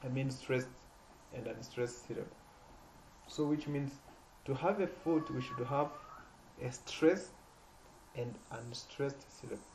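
Halting man teaching a poetry lesson. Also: a little mellow, slight background noise, low-quality recording. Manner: halting, repeats and restarts words, stresses words with rising pitch. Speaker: literature teacher.

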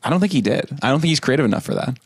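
A young man co-hosting a podcast, talking in a deadpan, joking way in casual chat. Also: medium pitch, rapid-fire, husky, no echo. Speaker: podcast co-host.

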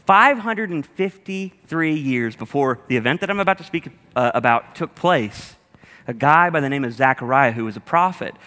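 A man's voice: on the high side, bright, forceful tone, big-room sound. A man preaching a sermon as a pastor, talking in a humorous, conversational way straight to his congregation. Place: church auditorium with a congregation.

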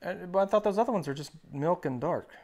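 A man's voice: high voice, animated, fast talker, a little mellow. A man co-hosting a live show, chatting casually, joking and reading viewer comments aloud. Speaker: podcast co-host. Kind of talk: casual chat.

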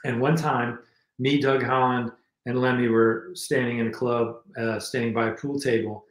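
A New man spins long, rambling road stories in a loose conversational way, stopping and restarting his sentences. His voice sits at an ordinary middle pitch. The recording carries a noticeable echo from the room. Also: flat delivery, normal speed. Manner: rambling anecdotes with many restarts. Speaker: guest musician and filmmaker. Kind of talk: casual storytelling interview.

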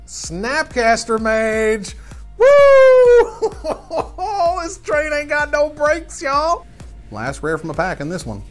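Hyped, whooping streamer woman. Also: fairly low pitch. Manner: hyped, whooping, addresses viewers as y'all. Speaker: stream host opening card packs. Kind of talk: live stream commentary.

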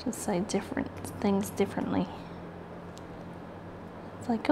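A woman's voice: mid-range voice, lively intonation, normal speed, pauses often, darkish tone, a little hiss or hum. A woman with a Southern US accent hosting a casual craft video, chatty and rambling as she works. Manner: rambling, chatty and self-deprecating. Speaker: craft channel host. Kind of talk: casual craft tutorial chat.

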